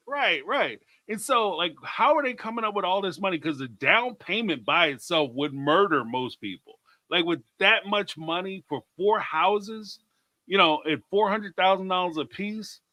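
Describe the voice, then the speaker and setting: A bright, lively male voice with a high-set pitch that swings up and down a lot. He chats casually as a co-host, laughs easily and reacts loudly to what the others say. The sound is dry and close, with no room around it. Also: moderate pace, dry recording. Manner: animated, laughs often, reads out viewer comments. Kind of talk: casual chat.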